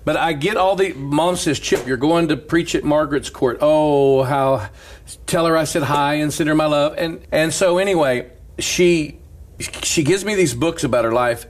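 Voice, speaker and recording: A man's voice: on the high side, unhurried, slight background noise. A middle-aged man, a preacher, telling a story in casual chat and quoting the people in it. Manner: animated storyteller, quotes others, laughs often. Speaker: preacher and talk show guest.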